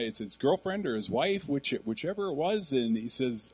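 A middle-aged man, preaching a sermon as a pastor in a conversational, animated storytelling manner. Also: medium pitch, moderate pace, few pauses, husky.

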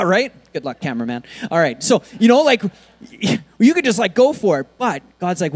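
A male pastor delivering a sermon, his voice sitting a little higher than most men's. He talks in a loose, conversational way, full of casual fillers, then builds into animated, rising preaching. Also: brisk.

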